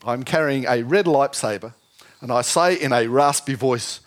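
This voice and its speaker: A man preaching a sermon, lively and jokey, often asking the congregation questions. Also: medium pitch, normal speed. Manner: lively, asks the audience questions, jokey asides.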